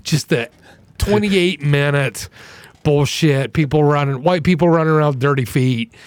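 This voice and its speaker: A man co-hosting a podcast in casual chat, blunt and swearing freely, with a lot of swing in pitch and pace. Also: moderate pace, clean tone, no room sound. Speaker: podcast co-host.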